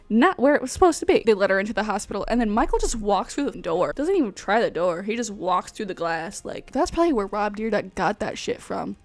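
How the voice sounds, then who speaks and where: A woman hosting a casual movie recap, swearing freely and telling the story with animated energy. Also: mid-range voice, no echo. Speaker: host.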